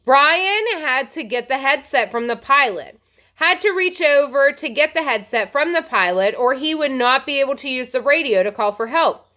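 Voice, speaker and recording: A woman teacher reading a novel aloud to her class, with expressive storytelling. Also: sits high, normal speed.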